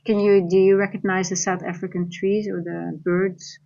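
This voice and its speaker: A woman's voice: medium pitch, level tone, moderate pace, creaky, mellow, lo-fi sound. Dutch woman coaching a live trading stream. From Netherlands. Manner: rambling, restarts sentences, reads chat aloud.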